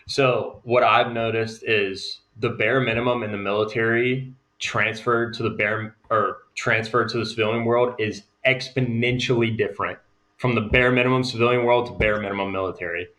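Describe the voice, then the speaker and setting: A male interview guest talking casually in a relaxed, chatty way. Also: mid-range voice, normal speed. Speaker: guest, veteran entrepreneur.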